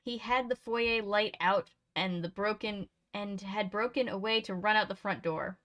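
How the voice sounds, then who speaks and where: A woman's voice: mid-range voice, normal speed, a bit bright. A woman reading a mystery novel aloud and breaking off for chatty, laughing commentary and self-corrections. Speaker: reader and channel host.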